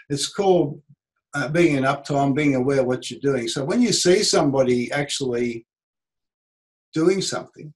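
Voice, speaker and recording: A middle-aged Australian man, a business coach, teaching a seminar and acting out quoted speech in an animated way. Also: mid-range voice, poor audio.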